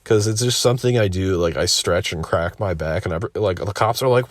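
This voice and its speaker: Young man, slightly low voice, dry close sound, laid-back rambling storyteller who swears a lot. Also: fairly quick, no room sound. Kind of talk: casual storytelling.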